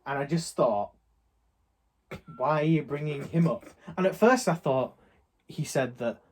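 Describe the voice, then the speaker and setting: A young Englishman with a slightly high voice speaks a little slowly as he rambles through the story of an argument in a shop. It's a casual chat.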